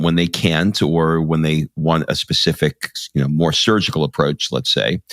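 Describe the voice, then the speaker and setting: A male podcast host asking a guest questions in a measured, deliberate way. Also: a bass voice, a bit bright, no echo, studio quality. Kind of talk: interview questions.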